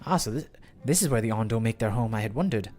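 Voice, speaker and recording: A man's voice: fairly low pitch, expressive, quick pace, a little mellow, voice pushed down. A man voicing an earnest young male scholar from a game, speaking formally and politely. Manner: formal, polite read-aloud.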